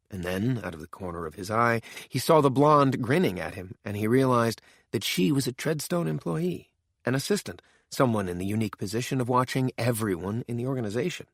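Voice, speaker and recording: A man narrating a thriller audiobook in a measured, steady way, recorded on a close studio mic. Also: medium pitch, no room sound.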